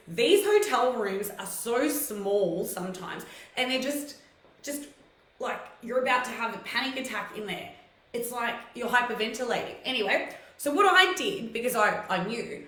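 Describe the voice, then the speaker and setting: Woman, live-stream host, high voice, chatty storytelling, lots of fillers, roomy echo. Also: expressive, moderate pace, fairly bright tone. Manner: chatty, frequent fillers, greets viewers by name. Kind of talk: casual storytelling to live viewers.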